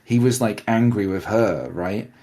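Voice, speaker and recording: A man's voice: fairly low pitch, unhurried, warm tone. A man co-hosting a podcast, chatting enthusiastically about a role-play event with many restarts. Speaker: podcast co-host. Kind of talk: casual recap chat.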